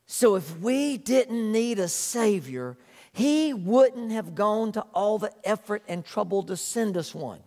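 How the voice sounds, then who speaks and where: A man delivers a pastor's sermon in a fairly high voice, earnest and emphatic, leaning on repeated phrases. His words carry a long reverb, as in a church sanctuary. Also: animated, slow pace, a little mellow.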